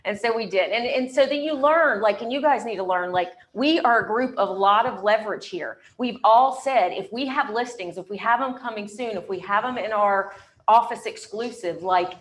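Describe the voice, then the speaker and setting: A woman's voice: mid-range voice, normal speed. A woman real estate agent from North Carolina telling her own story on a panel, candid and chatty, with frequent ums.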